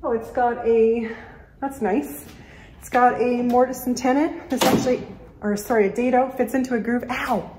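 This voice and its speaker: A woman's voice: a little high, fairly even intonation, normal speed. A woman repairing furniture in her workshop, thinking aloud in a practical way as she works and a little out of breath. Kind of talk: casual workshop commentary. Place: woodworking shop. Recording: echoey shop with loud background noise.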